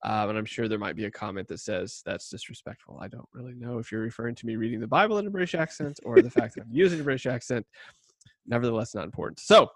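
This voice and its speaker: A chatty male podcast host and former youth pastor, rambling with plenty of fillers and self-mocking jokes. He sits close to a cheap budget mic in a dry, deadened space with no room echo. His voice has a middling pitch. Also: fast. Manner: rambling, self-deprecating, many fillers and laughs. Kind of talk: casual chat and scripture reading.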